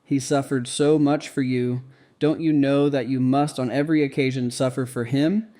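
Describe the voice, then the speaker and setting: A man voicing a gentle, admonishing male guardian angel in a read-aloud devotional story, speaking softly. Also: medium pitch, steady tone, normal speed, close to an everyday voice. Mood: gently admonishing.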